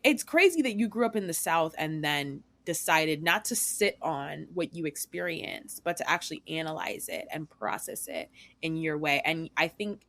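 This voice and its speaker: A young woman from the Northeastern US hosting a podcast interview, talking in a quick, animated way with many fillers. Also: sits low. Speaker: podcast host. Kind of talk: conversational interview.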